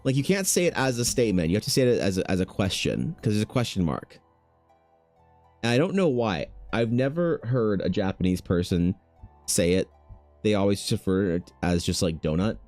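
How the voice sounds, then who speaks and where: A man's voice: fairly low pitch, lively intonation, moderate pace, a little mellow, no echo, faint music behind. A man chatting casually on a stream in a laid-back, slangy, rambling way. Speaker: streaming artist. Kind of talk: casual chat on a livestream.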